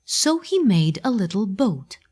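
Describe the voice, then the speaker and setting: A woman's voice: mid-range voice, sing-song, measured pace, darkish tone, slightly rough, voice pushed up. A woman voicing a sympathetic old woman in a storybook, speaking in a pitying way.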